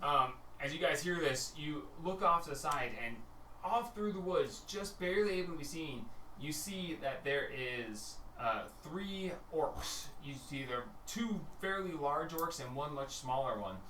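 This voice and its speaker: Casual GM, man, lively bright voice, echoey room recorded from a distance. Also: on the high side, a little slow. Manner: laid-back, rambling with fillers. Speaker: game master. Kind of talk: narrating a tabletop game. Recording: echoey room, from off mic, faint noise.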